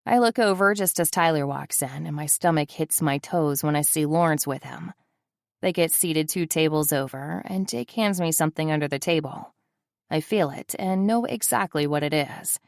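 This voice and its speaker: A woman's voice: sits low, expressive, normal speed, dry recording. A woman narrating a first-person audiobook in a wry, sardonic manner, close to the mic.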